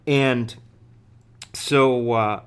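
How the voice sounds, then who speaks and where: A middle-aged man telling a story as a podcast guest, halting and full of fillers and restarts. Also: medium pitch, steady tone, clear, resonant tone. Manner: halting, many fillers and repeated words. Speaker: guest executive.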